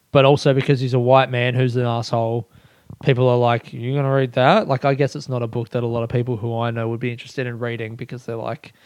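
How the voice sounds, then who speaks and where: A young man, a comedian, rambling through a casual podcast monologue, swearing a lot and breaking into loud rants. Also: medium pitch, clear, resonant tone, no room sound, studio quality. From Australia. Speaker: stand-up comedian.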